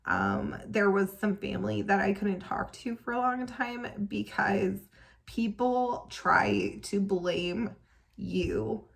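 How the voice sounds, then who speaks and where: Slow, gravelly-voiced young woman. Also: mid-range voice. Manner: emotional, tearful at times, many fillers like "um" and "like". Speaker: parent vlogger. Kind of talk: personal story vlog.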